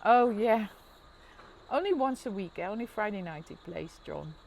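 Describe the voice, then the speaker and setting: Narrating the street outside her apartment window, a Dutch-accented woman talks casually to her live-stream audience. Her mid-range voice is gravelly yet a little mellow, with lively intonation, normal speed, and slight background noise.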